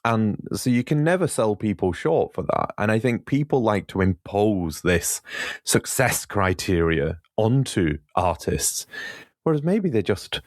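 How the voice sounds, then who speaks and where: A man's voice: fairly low pitch, sing-song, unhurried, no echo, clean studio sound. A man with a Lancashire accent hosting a podcast, chatting in an enthusiastic way. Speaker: podcast host. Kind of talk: casual interview chat.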